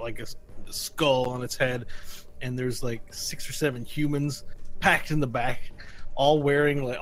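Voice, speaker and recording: GM narrator, male, mid-pitched, rambling scene descriptions with lots of restarts. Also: fairly bright tone, poor audio. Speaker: game master. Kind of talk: narrating a tabletop game.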